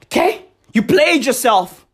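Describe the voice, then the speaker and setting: A man's voice: very high-pitched, very animated, a little slow, husky. Young guy in his 20s doing a sweary comedy rant, voice jumps all over the place. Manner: loud, swearing, mocking, laughing and shouting. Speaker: comedic ranter. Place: outdoors in a lively neighborhood.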